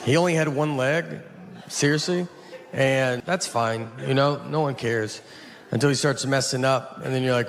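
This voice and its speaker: Deadpan Southern man doing stand-up. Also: medium pitch, moderate pace, a little hiss or hum. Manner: dry, deadpan storytelling. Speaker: stand-up comedian. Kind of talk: stand-up set and talk show chat.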